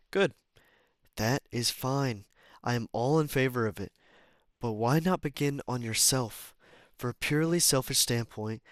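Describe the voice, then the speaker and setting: A man's voice: mid-range voice, dry recording. Man reading aloud, dry close sound. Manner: stumbles, restarts and corrects himself while reading; casual asides and apologies between passages. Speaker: amateur reader. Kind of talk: reading a self-help book aloud.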